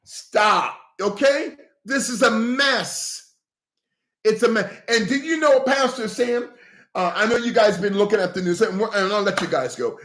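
A man hosting a heated political livestream, animated and breaking into shouts, thanking viewers for gifts. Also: high-pitched, measured pace. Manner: animated, breaks into shouts, repeats okay, coughs. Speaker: livestream host addressing viewers as pastors. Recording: echoey room.

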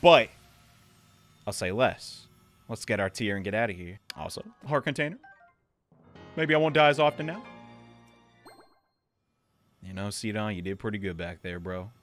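A young man commentates his gameplay in a loud, excitable, jokey way. His bright voice swings wildly in pitch, often climbing to shouts. Faint game music sits behind him. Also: normal speed, pauses often. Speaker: let's play host.

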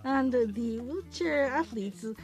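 A woman giving a simultaneous English interpretation of a program, halting often with fillers as she keeps up. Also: high-pitched, animated, a little mellow, faint music behind, poor audio. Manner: halting, with frequent pauses and fillers.

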